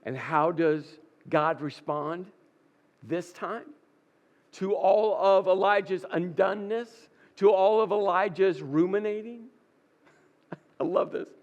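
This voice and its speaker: A man preaching a sermon as pastor, dramatic and often dropping to a soft, hushed voice. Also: high voice, slow pace, highs cut off. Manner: dramatic, drops to soft near-whisper.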